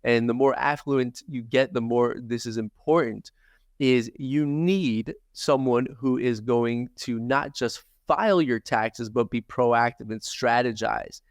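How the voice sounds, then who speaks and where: A man's voice: mid-range voice, unhurried, dry recording, clean studio sound. A man being interviewed as a tax accountant on a podcast, explaining steadily and methodically and listing examples.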